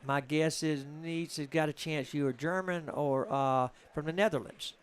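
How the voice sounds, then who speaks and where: A man from Georgia with a Southern US accent talks at a moderate pace in a fairly high, fairly even voice, with a little hiss or hum in the audio. He commentates on a live pool stream in a loose, joking, rambling chat.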